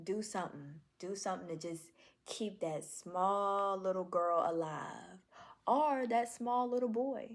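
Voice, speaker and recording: A woman recording a heartfelt video journal, speaking in slow, affirming, repeated phrases. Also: medium pitch. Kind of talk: reflective self-talk video journal.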